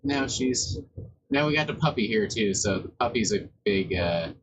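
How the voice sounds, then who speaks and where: A man's voice: on the low side, animated, normal speed, a bit bright, a little hiss or hum, rough recording. A man livestreaming while working on a song, chatting in a loose, rambling and profane way. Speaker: livestreamer making music. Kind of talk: casual live-stream chat.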